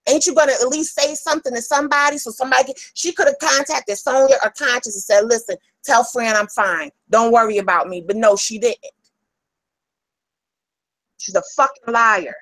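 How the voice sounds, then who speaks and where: A woman's voice: fairly high pitch, moderate pace, a bit bright, dry recording, low-quality recording. Heated woman ranting, dry close sound. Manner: heated, profane, confrontational. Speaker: livestreamer addressing critics. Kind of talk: angry livestream rant.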